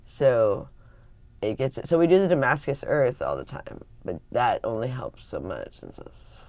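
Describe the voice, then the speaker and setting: A woman's voice: rumbling low, very animated, moderate pace, a little mellow. A woman vlogger chatting casually while she tidies, rambling with lots of fillers and restarts, sometimes dropping to a whisper. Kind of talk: casual morning chat.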